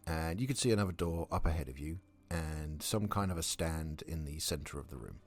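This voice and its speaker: A man narrating a tabletop game as dungeon master, calm and measured with some hesitant fillers. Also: very deep voice, soft background music.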